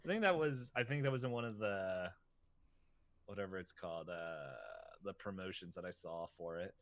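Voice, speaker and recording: A man's voice: low-pitched, normal speed, slight background noise. A man co-hosting a podcast, chatting casually, laughing often and reading aloud a plot summary. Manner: laughs often, short reactions. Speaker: podcast co-host. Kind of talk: casual chat.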